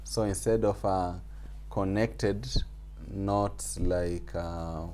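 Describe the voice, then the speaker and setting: Slow, deep-voiced male music teacher. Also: steady tone, dark tone, slight background noise. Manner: patient, explains slowly with fillers and repetition. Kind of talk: online group class lesson. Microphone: video call.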